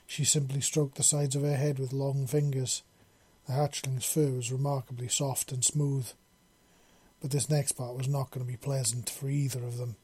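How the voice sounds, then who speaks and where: A man narrating a story in a steady reading voice. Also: medium pitch, husky.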